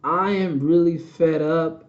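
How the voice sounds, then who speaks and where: Male host, higher-pitched, preachy and repetitive; dull lo-fi audio. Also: steady tone, takes it slowly. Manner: preachy, repetitive, addresses viewers as family. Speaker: channel host. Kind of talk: casual live-stream commentary.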